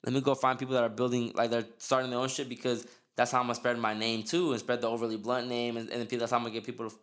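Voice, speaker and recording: Guy hosting a podcast, talks fast and loose, lots of slang, keeps restarting his sentences. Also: medium pitch, level tone, fairly bright tone. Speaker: podcast host. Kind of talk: casual chat.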